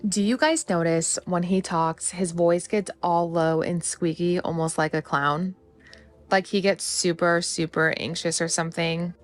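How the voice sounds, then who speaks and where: A woman's voice: fairly low pitch, fairly even intonation, a little slow. A woman giving sarcastic commentary, mocking the man in the clip. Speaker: host. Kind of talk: commentary voice-over.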